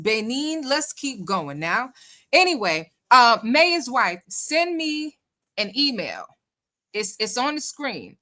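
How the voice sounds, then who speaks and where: Bright-voiced woman hosting a livestream. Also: mid-range voice. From New York City. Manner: chatty, reads viewer comments aloud, laughs often. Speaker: livestream host. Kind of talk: casual livestream chat.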